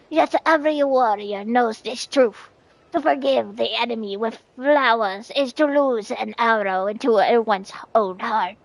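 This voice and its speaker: While playing a game on stream, a woman gives voice to a solemn male cactus warrior who chronicles events, narrating in a slow, odd way. Her voice is a little high with vocal fry, and the low-quality recording has no echo.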